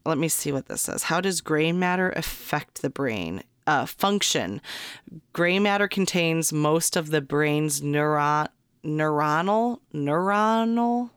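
A woman co-hosting a casual podcast who reads aloud slowly and stumbles over words. Her voice is smooth and a bit low. The sound is dry and close. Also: lively intonation, dry recording. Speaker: podcast co-host. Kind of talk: casual chat.

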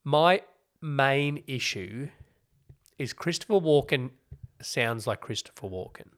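A man's voice: medium pitch, lively intonation, slow, a bit bright. A man, co-hosting a casual podcast chat and explaining a TV show at length with wry asides. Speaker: podcast co-host. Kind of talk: casual chat reviewing TV shows.

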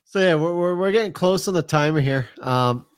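A man's voice: a little high, a little fast, smooth, no room sound, studio quality. A man hosting a casual radio podcast who laughs easily and keeps the show on track. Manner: laughs often, short reactions, keeps the show moving. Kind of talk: casual chat.

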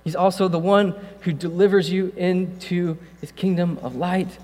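A male pastor giving a casual sermon, talking conversationally with jokey asides and building to loud, passionate preaching. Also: high voice, fairly even intonation, normal speed. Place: church room. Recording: long hall reverb, mains hum.

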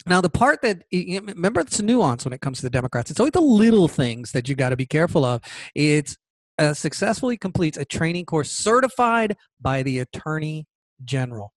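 Indignant podcast host, higher man's voice. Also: big pitch swings, a little fast, no room sound. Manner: emphatic, indignant, reading legal text aloud. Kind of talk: political commentary podcast.

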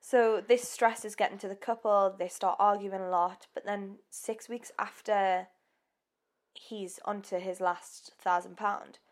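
Recounting a case on a casual true-crime podcast, a female co-host keeps the conversation relaxed and chatty. Her pitch sits in an ordinary middle range, she fills pauses with ums, and she giggles at her own slips.

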